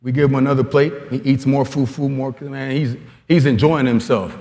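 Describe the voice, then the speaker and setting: A man in his forties giving an animated storytelling talk at a coaching conference, acting out quoted dialogue as he goes. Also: medium pitch, moderate pace. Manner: lively storyteller who acts out quoted dialogue. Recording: long hall reverb.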